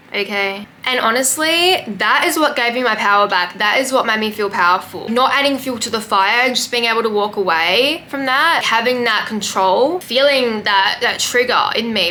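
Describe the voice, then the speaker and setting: A woman's voice: mid-range voice, sharp tone, slight background noise. A young woman, talking through a casual podcast monologue in a sassy, emphatic, chatty way with plenty of fillers. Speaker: podcast host.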